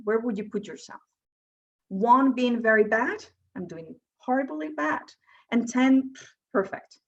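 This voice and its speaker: A woman's voice: a little high, unhurried, lo-fi sound. Woman coach leading a workshop. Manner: asks the audience questions, explanatory. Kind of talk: presenting a workshop talk.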